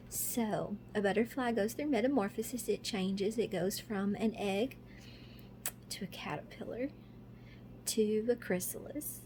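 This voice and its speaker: A woman teaches kindergarten children from home, speaking slowly and patiently in a mid-pitched voice. She asks simple questions and then answers them herself, and faint room noise sits behind her. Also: mellow. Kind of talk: remote lesson to young children.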